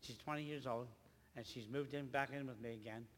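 An older man, a grandfather, preaching a rambling church testimony with halting, repeated words. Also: mid-range voice, steady tone, long reverb tail, a little hiss or hum. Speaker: lay preacher.

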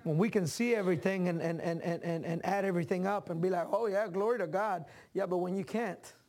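A man preaching a sermon as pastor, talking with the congregation in casual asides and climbing into animated, shouted passages. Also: sits high, a little fast.

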